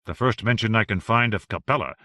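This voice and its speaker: Brief: no-nonsense researcher reporting facts, voiced by a male narrator, low and bright. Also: dry recording, clean studio sound. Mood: businesslike. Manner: brisk, factual reporting. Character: brisk researcher reporting findings.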